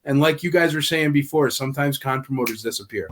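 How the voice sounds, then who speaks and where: Animated storytelling man on a podcast. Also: mid-range voice, fast. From Nashville area. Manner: animated storyteller, acts out quoted dialogue. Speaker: convention organizer guest. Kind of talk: casual podcast chat.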